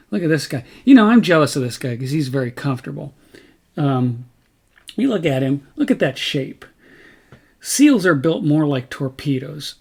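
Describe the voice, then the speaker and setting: A man's voice: medium pitch, a little mellow. A man hosting a casual nature vlog outdoors, chatty and folksy, often stopping to correct himself mid-sentence. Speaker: vlog host.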